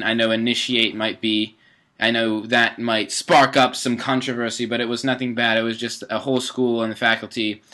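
A teenage boy rambles casually over his gameplay, full of fillers and self-corrections. His medium-pitched voice sounds pushed and bright.

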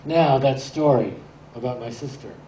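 A man in his sixties giving a rambling, anecdotal talk about his photographs, halting now and then as he tells his stories. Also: mid-range voice. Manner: rambling storyteller, relaxed and halting. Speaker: photographer presenting his pictures. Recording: roomy echo, distant mic, faint hiss.

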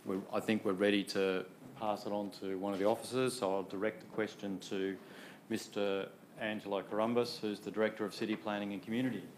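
A man's voice: fairly low pitch, little pitch movement, fairly quick, a little hiss or hum. A man chairing a council meeting as mayor, polite and patient, often repeating himself. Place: council chamber.

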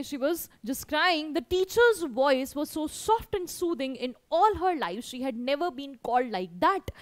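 A young woman with a high voice teaches a story lesson. She says each line, then says it again in simpler words, with lots of fillers along the way. The sound is dry and close, with no room echo. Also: fairly bright tone. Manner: repetitive, explains and rephrases each line, many fillers. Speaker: English teacher.

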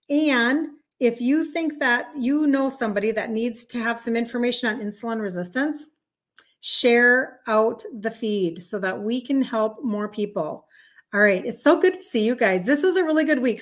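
A woman in her fifties from Minnesota with a Minnesotan accent, hosting a chatty live stream as a health coach, greeting viewers and answering their comments as they come in. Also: on the high side. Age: 50s.

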